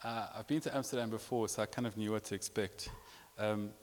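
In a lowish voice with fairly even intonation, a pastor preaches a brisk sermon. He tells a personal story with repetitions and growing emotion, recorded with a large hall's long reverb.

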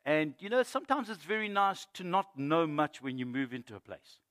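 Pastor preaching with rising intensity. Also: male voice, fairly high pitch, very animated, fairly quick. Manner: swings from loud emphatic preaching to quiet storytelling. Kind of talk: sermon. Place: church.

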